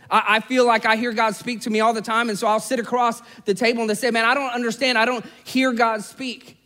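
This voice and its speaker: A man with a high-pitched voice preaches in a warm, conversational way. He tells the story earnestly and speaks directly to his listeners. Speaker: pastor. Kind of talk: sermon.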